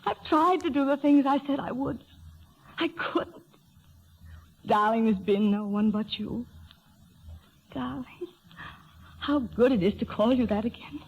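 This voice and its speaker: An actress playing a young heiress who is facing an early death, breathless and pleading, in a 1930s radio drama. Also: female voice, a little high, a little slow, pauses often, slightly rough. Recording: dull old radio broadcast recording.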